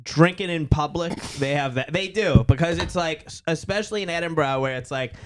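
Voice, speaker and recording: A man's voice: fairly high pitch, brisk, a little hiss or hum. Casual young Boston guy, swearing freely. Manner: loose, swears freely, lots of "dude". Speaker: podcast guest. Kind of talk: casual chat.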